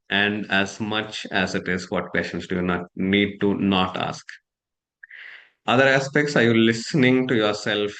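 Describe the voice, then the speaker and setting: Reflective coach asking rhetorical questions. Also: male voice, lowish voice, fairly bright tone. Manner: reflective, many rhetorical questions, frequent uh fillers. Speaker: coach and workshop leader. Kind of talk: online coaching lesson.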